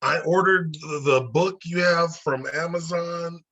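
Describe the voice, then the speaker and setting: Man, adult student, hesitant, husky voice, muffled off-mic sound. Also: a little high, fairly even intonation, a little slow, sharp tone. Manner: brief, hesitant answers, repeats phrases after the teacher. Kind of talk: one-on-one language lesson.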